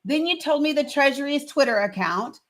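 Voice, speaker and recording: A woman's voice: sits high, lively intonation, brisk, fairly bright tone. A woman hosting her own live stream, pressing a guest firmly and repeating her questions. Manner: firm, insistent, repeats questions, talks over interruptions. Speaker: livestream host. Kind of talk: heated livestream argument.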